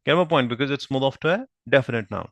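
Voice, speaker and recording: A man's voice: mid-range voice, lively intonation, a bit bright, no room sound. A man teaching Arabic grammar, patiently explaining each point and checking understanding with frequent questions. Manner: spells out Arabic terms slowly. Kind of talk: explaining lesson at a whiteboard.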